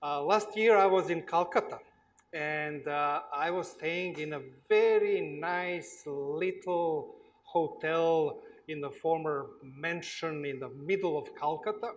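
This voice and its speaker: Speaking with a Slavic accent from a Slavic first language, this man lectures as a guest at a student workshop in a lecture hall. The pace is very slow and halting: frequent "uh" pauses and repeats mark his hunt for the right words, delivered in a voice a little higher than typical for a man.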